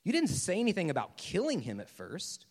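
A man's voice: high-pitched, wildly swooping pitch, fairly quick, a little mellow, slightly rough, big-room sound, exaggerated voice. A man voicing a fretful male ghost who pleads and makes excuses during a story reading. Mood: pleading. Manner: flustered, pleading, making excuses.

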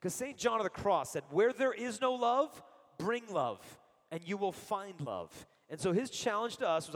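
A man's voice: high voice, moderate pace, long reverb tail. A middle-aged man giving a sermon full of personal stories, acting out the quotes he tells. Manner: animated storyteller, acts out quotes. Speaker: speaker giving a Catholic talk.

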